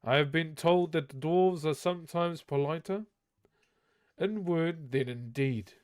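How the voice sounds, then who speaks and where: A man voicing a fussy, nervous little male hobbit in a storybook reading, prim and quick. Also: on the high side, darkish tone, clean tone, no room sound, close to an everyday voice.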